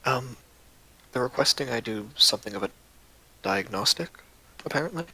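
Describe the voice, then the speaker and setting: Guy doing a wry wary prince for a tabletop game, gravelly and kinda husky, lots of polite ums. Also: medium pitch, expressive, normal speed, pushed and bright, heavily acted, poor audio. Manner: dry, polite, hesitant with many ums. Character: courtly young male prince, wry and wary.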